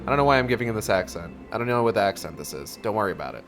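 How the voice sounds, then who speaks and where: A man's voice: fairly low pitch, expressive, racing, fairly bright tone, soft background music. A man streaming a game, making mumbled, trailing casual asides between the dialogue.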